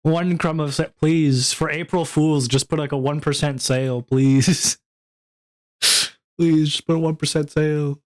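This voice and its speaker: A man's voice: on the high side, fairly even intonation, unhurried, darkish tone. A young man chatting casually on a livestream, rambling to his viewers with frequent laughs and swearing. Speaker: VTuber streamer.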